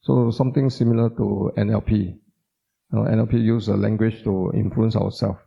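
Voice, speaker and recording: A man's voice: lowish voice, fairly even intonation, moderate pace, vocal fry, husky. A man giving an informal teaching talk, repeating words for emphasis and putting questions to the audience. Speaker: doctor giving a Buddhist talk. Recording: dull lo-fi sound.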